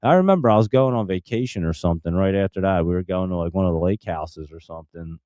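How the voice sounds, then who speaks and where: A man's voice: low-pitched, expressive, quick pace, mellow, no room sound. A man telling a casual story in a rambling way, full of fillers and restarts. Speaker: stock channel host.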